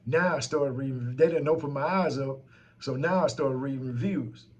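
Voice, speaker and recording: A man's voice: medium pitch, moderate pace. A man telling a story about a complaint in a casual, heated and profane rant.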